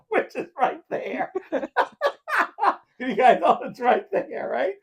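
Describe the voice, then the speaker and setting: Animated podcast host with a lively voice. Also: mid-range voice, slow pace, creaky, long pauses, breathy edge. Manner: animated storyteller who acts out quoted lines; laughs often. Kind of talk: casual chat.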